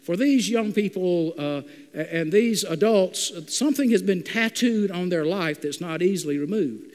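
A man preaching a sermon as pastor, halting with many filler "uh"s. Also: high voice, animated, a little mellow. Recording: long reverb of a large hall.

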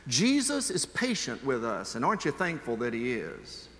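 A man preaching a sermon as pastor, telling a personal story in an earnest way and shifting between slow emphasis and quick asides. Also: medium pitch, huge pitch swings, fairly bright tone, in a large hall.

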